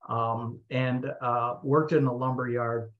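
A man with a mid-pitched voice tells a story in a talk, narrating with animation and acting out the people he quotes. The recording is slightly muffled. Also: level tone, takes it slowly. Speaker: speaker.

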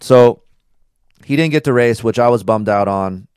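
A man's voice: medium pitch, moderate pace, smooth, no room sound, studio quality. A man co-hosting a podcast in casual chat, rambling and profane as he tells stories. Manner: rambling, profane, animated storytelling. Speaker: podcast co-host.

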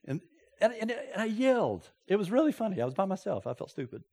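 A man preaching a sermon, telling stories with folksy asides and sudden loud exclamations. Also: high voice, very animated, fast talker. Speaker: pastor.

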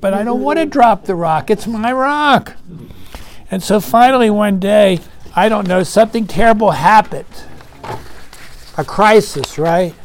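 A man's voice: high-pitched, a little mellow, no room sound. A man leading a recovery meeting, talking earnestly and conversationally, asking the room questions and acting out voices in his story.

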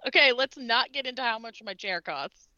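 A woman hosting a podcast over a video call, relaxed and dryly amused. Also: a little high, moderate pace, no room sound. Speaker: podcast host. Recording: dry, dull lo-fi call audio.

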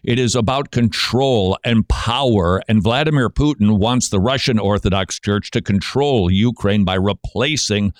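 A man hosting a Christian radio show, giving sarcastic commentary and breaking into mocking shouted impressions. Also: fairly low pitch, unhurried, hardly any pauses, no echo, clean studio sound.

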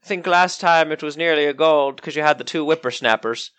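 A man's voice: fairly high pitch, fairly quick, a bit bright, smooth, dry recording, natural voice. A man voicing a friendly male innkeeper, his put-on accent sliding between British, French and Irish. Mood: welcoming.

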